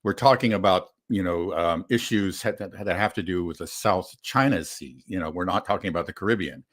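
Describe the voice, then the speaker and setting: Casting note: low-voiced male co-host, measured, relaxed and thoughtful in delivery. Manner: measured, many fillers, laughs often. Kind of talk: casual political chat.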